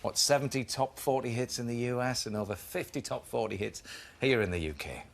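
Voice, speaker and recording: A man's voice: medium pitch, brisk, creaky, slight background noise. A man hosting a TV chat show, introducing guests and items in an upbeat presenting style. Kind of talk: presenting a live magazine show.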